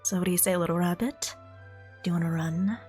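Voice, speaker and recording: A woman streamer doing her impression of a cool, teasing female duelist huntress, in a low, sultry, mock-menacing voice. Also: fast, a little mellow, soft background music, natural voice. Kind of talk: impression of a game character on stream.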